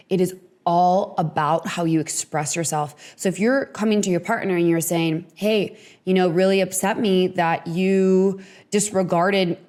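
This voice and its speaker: Chatty woman hosting an advice podcast. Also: on the low side. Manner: chatty, frequent "like" and "you know". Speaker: podcast host.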